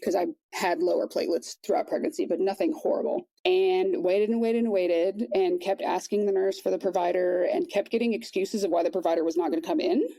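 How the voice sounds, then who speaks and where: Woman guest, soft-spoken storyteller, lowish warm voice, dry close sound. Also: vocal fry, dry recording, low-quality recording. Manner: quiet, measured retelling with many restarts. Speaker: podcast guest. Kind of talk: personal storytelling in conversation.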